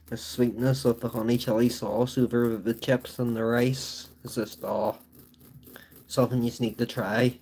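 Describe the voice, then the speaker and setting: A man from Belfast with a broad Northern Irish accent hosts a casual live-stream chat, sitting in his own home. He rambles loosely from one thing to the next in a voice of ordinary middle pitch, tacking "so it is" onto the ends of his sentences. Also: a little mellow. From Northern Ireland. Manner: rambling and chatty, with tag phrases like "so it is". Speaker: livestream host.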